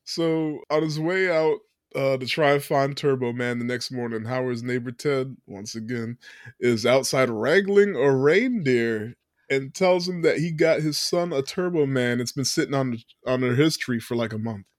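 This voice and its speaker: A man's voice: medium pitch, normal speed, no echo, studio quality. A man hosting a podcast, casually recapping a movie plot and laughing often. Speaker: podcast host.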